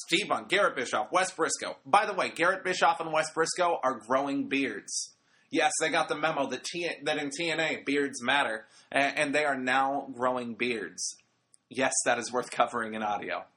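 A man with a bright, forceful voice sitting a little high for a man. He recaps a wrestling broadcast in a loose, rambling chat, breaking off for jokey asides. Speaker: wrestling podcast host. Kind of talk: casual recap commentary.

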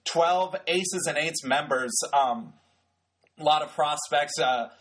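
A man's voice: fairly high pitch, slow pace, a bit bright. A man giving casual, wry commentary on a wrestling show, talking loosely with lots of fillers. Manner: chatty, wry, many fillers.

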